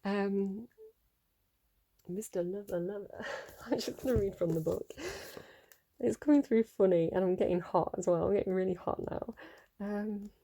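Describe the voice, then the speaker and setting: A woman's voice: medium pitch, normal speed, dark tone. A woman giving a casual tarot reading at home, rambling, laughing often and tripping over her words. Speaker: tarot reader.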